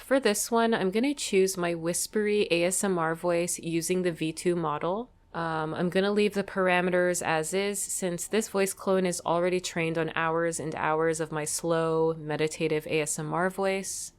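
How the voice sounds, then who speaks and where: Tutorial host: woman, lowish voice, calm step-by-step explainer. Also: normal speed, hardly any pauses, clear, resonant tone. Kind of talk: screen-recorded software tutorial.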